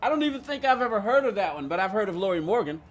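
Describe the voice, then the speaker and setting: A man's voice: high voice, very animated, very fast. A man streaming a racing game, rambling in casual chat, reading chat aloud and laughing often. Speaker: gaming streamer.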